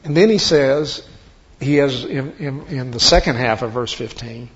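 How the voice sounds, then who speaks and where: A man's voice: mid-range voice, measured pace. A man leading a conversational Bible study, explaining step by step and asking rhetorical questions. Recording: dull lo-fi recording.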